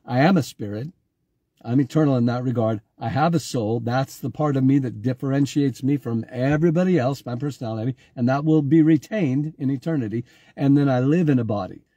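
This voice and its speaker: A man's voice: medium pitch, a little fast, warm tone, husky, no echo. A man giving an informal online sermon, talking conversationally, repeating himself and calling on viewers by name. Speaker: pastor.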